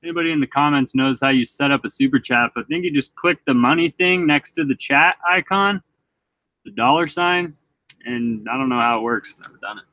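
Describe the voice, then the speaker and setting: A man's voice: mid-range voice, a little fast, pushed and bright, no echo, low-quality recording. Young guy from utah chatting on a live stream, reading comments out, dry close sound. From Utah, USA. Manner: rambling, reads viewer comments aloud. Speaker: vlog host reading live chat. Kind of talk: casual live-stream chat.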